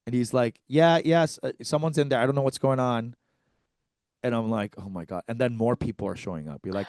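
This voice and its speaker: A man's voice: mid-range voice, brisk, dry recording, studio quality. A man co-hosting a comedy podcast, telling a story with lots of swearing and acted-out quotes. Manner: animated, profane, acts out quotes.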